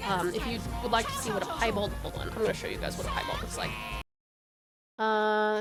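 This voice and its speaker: A woman from Tasmania, chatting bubbly and laughing with her viewers while streaming a game. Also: medium pitch. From Tasmania, Australia. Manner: bubbly, laughs often, talks to chat. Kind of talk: casual live-stream chat while gaming. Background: faint game music.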